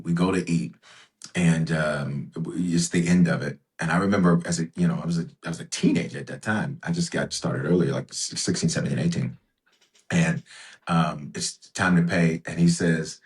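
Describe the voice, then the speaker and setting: A deep-voiced man speaks as a podcast guest, telling stories with real emphasis. He repeats phrases to drive his points home, and his voice jumps up in pitch when he stresses something. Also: normal speed. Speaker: bishop and guest. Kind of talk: conversational storytelling.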